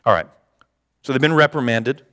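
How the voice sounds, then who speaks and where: A man delivers a sermon from a pulpit, mixing scripture reading with animated, playful mock dialogue. His mid-pitched voice rings with a long hall reverb. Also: normal speed. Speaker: pastor.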